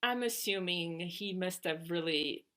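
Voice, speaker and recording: A woman's voice: fairly low pitch, unhurried, pushed and bright. A woman hosting a podcast interview, attentive and prompting her guest with short questions. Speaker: podcast host. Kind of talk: interviewing conversation.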